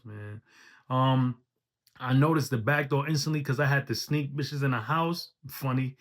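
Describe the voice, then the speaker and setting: A man's voice: medium pitch, fairly bright tone. A man giving a casual recap of a battle rap match, quoting bars and reacting with short verdicts. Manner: laid-back, quotes bars then reacts with short verdicts.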